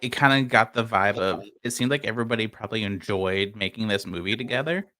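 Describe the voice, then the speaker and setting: A man with a bright, forceful tone chats about a film in a laid-back way. He hedges and fills his sentences with loose filler words. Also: lowish voice, fast talker. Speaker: podcast co-host. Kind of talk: casual movie-review chat.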